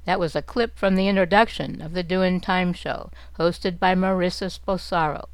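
A woman presenter reading a formal radio announcement clearly. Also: lowish voice, steady tone, moderate pace, dry recording, rough recording.

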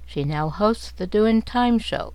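A woman presenter reading a formal radio announcement clearly. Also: mid-range voice, expressive, takes it slowly, noisy background.

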